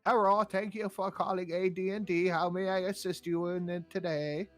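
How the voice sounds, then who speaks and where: A man's voice: high-pitched, steady tone, normal speed, soft background music, voice pushed up, natural voice. A man voicing a male customer-service phone agent who greets callers in a stiff, formal way. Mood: overly polite.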